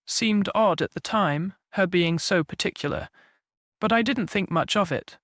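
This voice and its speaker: A man's voice: high-pitched, unhurried, fairly bright tone, no room sound, clean studio sound, exaggerated voice. A man voicing an anxious young male gardener's boy who talks in country dialect, in an audiobook mystery.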